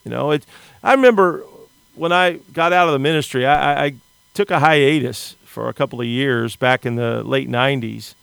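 A man's voice: medium pitch, moderate pace, gravelly, a bit bright, clean tone, no echo. A middle-aged man from the United States preaching a sermon, earnest and often repeating words as he starts a sentence.

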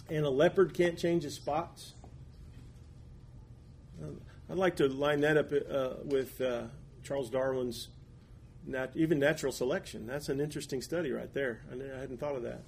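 A man teaching a Bible class in a conversational, folksy way, with halting restarts and asides. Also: fairly high pitch, a little mellow, a little hiss or hum.

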